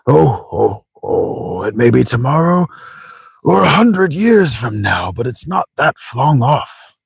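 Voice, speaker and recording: A man voicing a wise old elder who chuckles "ho ho ho" and speaks slowly, with a gravelly, husky voice. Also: mid-range voice, big pitch swings, no echo, clean studio sound, pitched above the performer's own voice, exaggerated voice. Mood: sage. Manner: chuckling "ho ho ho", slow measured speech.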